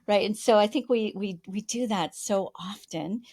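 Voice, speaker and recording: A woman's voice: medium pitch, moderate pace, darkish tone, breathy edge. An older woman in a conversational interview who talks in a chatty way with many restarts and livens up when quoting people.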